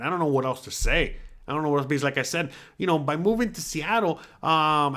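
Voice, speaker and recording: A man's voice: on the high side, a bit bright. A middle-aged man from the US East Coast hosting a casual solo chat, rambling and swearing freely with lots of "you know" fillers. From East Coast of the USA. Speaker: podcast host.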